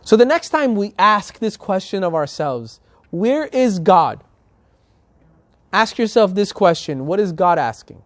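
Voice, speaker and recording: A man's voice: high voice, sing-song, unhurried, dry recording. A male rabbi preaching a sermon and telling a story, emphatic and building to passionate appeals.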